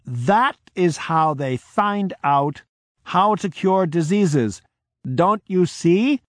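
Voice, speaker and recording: A man voicing a forceful woman of about fifty who loudly pleads with her fellow villagers, raised in pitch above his own voice. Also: expressive, drawn-out words, no room sound, heavily acted. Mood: impassioned. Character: fierce village grandmother around fifty.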